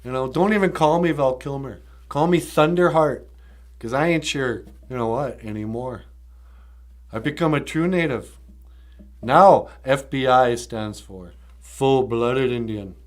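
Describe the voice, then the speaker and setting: Guy doing a pumped-up defiant hero, loud and high, big boastful speeches. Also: takes it slowly, natural voice. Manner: loud, boastful, overblown declarations. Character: hot-headed man, new-found tribal pride, defiant.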